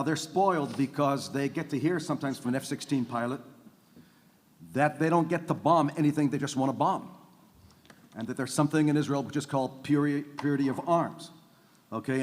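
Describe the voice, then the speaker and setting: Emphatic male panelist in a reverberant hall. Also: mid-range voice. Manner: emphatic, tags points with "okay?" and "by the way". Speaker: conference panelist. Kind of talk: panel discussion talk. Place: large conference hall.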